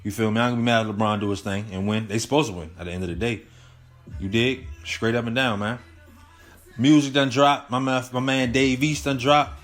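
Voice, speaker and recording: A man's voice: mid-range voice, steady tone, brisk, a bit bright. Heated young man ranting over faint music. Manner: heated, profane, rambling rant with slang. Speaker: host. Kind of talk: casual solo commentary.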